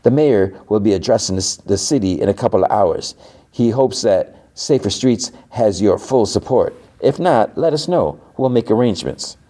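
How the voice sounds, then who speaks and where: A man's voice: fairly low pitch, lively intonation, normal speed, dark tone, pitched above the performer's own voice. A man voicing a sly male mayoral aide who speaks in a silky, falsely friendly way with veiled menace. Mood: smugly threatening.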